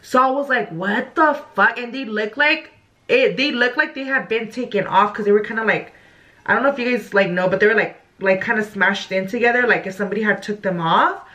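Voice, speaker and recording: A young woman talks straight to her viewers with a bright, forceful edge in her voice. Her speech sits a little high, and she tells the story loosely, swearing and saying "like" a lot. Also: brisk. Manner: animated, profane, full of "like". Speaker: vlogger. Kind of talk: casual storytime.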